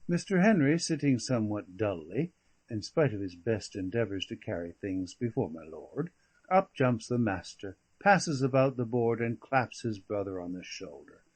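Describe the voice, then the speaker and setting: A male audiobook narrator tells a classic novel in a measured, expressive way. His husky, fairly low voice rises and falls in a lively way. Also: dry recording.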